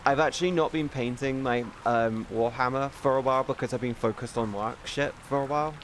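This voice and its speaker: A man chatting casually on a live stream, rambling and excitable, swearing often and restarting sentences. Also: medium pitch, a little fast, slight background noise.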